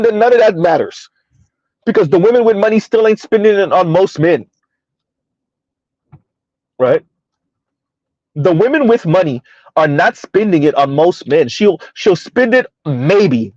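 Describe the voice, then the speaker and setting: A man's voice: high voice, lively intonation, measured pace, pauses often, a little mellow, no room sound, highs cut off. A man hosting a casual livestream commentary, emphatic and rambling, chuckling between points. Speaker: commentary channel host.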